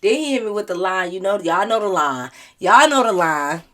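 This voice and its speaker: A young woman tells a storytime straight to her viewers in a chatty vlog. She is animated and dramatic, and she laughs often as she goes. Her pitch sits in a middle range. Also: moderate pace. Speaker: vlogger. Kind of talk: casual storytime chat.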